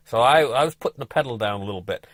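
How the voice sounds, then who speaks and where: A man's voice: medium pitch, expressive, very fast, a bit bright, dry recording. A man who is a travel vlogger, telling a story in a casual, folksy, rambling way with restarts and asides to the viewers.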